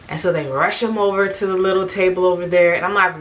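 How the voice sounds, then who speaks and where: Bright, forceful woman telling a story. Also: lowish voice, a little fast, few pauses. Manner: animated storytelling, acting out what people said. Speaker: vlogger sharing her birth story. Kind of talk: casual storytime monologue.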